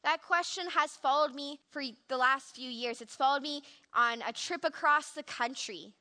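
Bright, high-voiced young woman giving testimony. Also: normal speed. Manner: earnest, reflective storytelling. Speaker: speaker giving a devotional. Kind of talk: personal testimony sermon.

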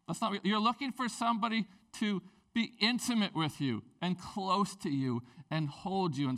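A man preaching a sermon, telling personal stories in a conversational, animated way with big swings in pitch and volume. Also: moderate pace, creaky, few pauses. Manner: conversational storytelling with lively swings in pitch and loudness. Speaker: pastor.

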